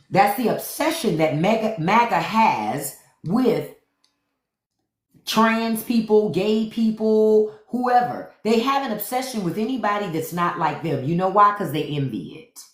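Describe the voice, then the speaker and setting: Woman, livestream host, blunt, profane, repeats herself, lowish voice. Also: reverberant. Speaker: podcast host. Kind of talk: livestream commentary to viewers.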